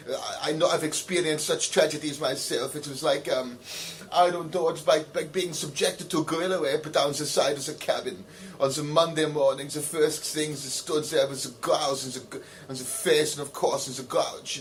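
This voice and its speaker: A man with a slightly high voice reads out letters and answers them in a rambling, mock-earnest way. He fills his talk with "of course" and a pompous show of sincerity. A faint hiss of noise sits under the recording. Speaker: comedy video host reading letters.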